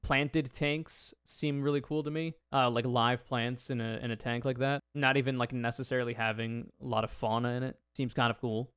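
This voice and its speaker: Young guy doing a chill q&a for his fans, swears a lot, kinda rambly, smooth clean voice, mid pitch. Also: level tone, moderate pace, hardly any pauses, a bit bright, no room sound, clean studio sound. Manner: laid-back, blunt and profane, rambling asides. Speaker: YouTuber answering viewer questions. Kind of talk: casual Q&A monologue.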